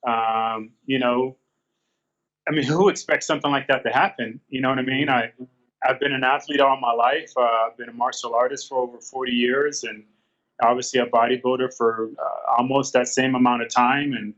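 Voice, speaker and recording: A man's voice: medium pitch, steady tone, moderate pace, a bit bright. A man in his fifties, a guest in an interview, telling a hard personal story with many fillers and restarts. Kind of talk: candid storytelling. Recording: dull lo-fi sound.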